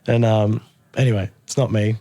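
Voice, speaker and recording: During a casual interview, a man from Australia, there as a guest musician, spins an animated tale, laughing frequently and performing other people's lines. His voice is on the lower side at a normal pace, with no room sound.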